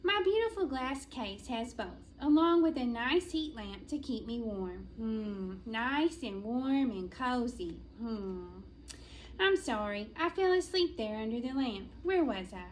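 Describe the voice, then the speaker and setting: In an elementary school library, a woman working as the school librarian reads a children's chapter book aloud with a gentle, storytelling touch and playful drawn-out pauses. Her voice is fairly high and animated, and the poor-quality audio carries slight background noise.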